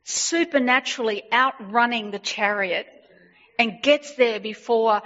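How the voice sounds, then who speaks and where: A woman preaching a sermon, retelling a story with animated emphasis and repeated phrases. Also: on the high side, measured pace. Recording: dull lo-fi sound.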